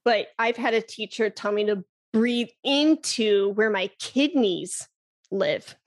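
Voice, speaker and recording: A woman flute teacher, a guest in a casual interview, who talks with enthusiasm, laughs easily and demonstrates breathy "ha" sounds. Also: medium pitch, takes it slowly.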